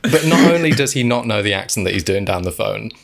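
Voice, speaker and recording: A man co-hosting a casual film-review podcast, talking in animated, exasperated rants and swearing freely. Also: fairly low pitch, fast, gravelly. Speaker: podcast co-host.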